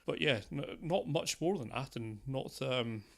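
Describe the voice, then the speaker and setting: A man's voice: medium pitch, lively intonation, measured pace, creaky, a bit bright. A man co-hosting a film podcast, easygoing and mildly sardonic as he rambles on. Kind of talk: casual film discussion.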